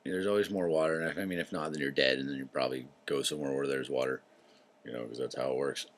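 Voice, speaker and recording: A man hosting his own show runs through a loose, rambling monologue that wanders into tangents, with free swearing and frequent throat-clearing. His voice rumbles low and steady, and he talks fast.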